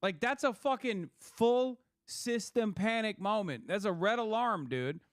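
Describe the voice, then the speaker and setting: Brief: young male streamer, slightly high and smooth, swears freely, close dry mic. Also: lively intonation, measured pace, dry recording. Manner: profane, sarcastic, laughing. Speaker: commentator reacting to clips. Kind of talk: casual reaction commentary.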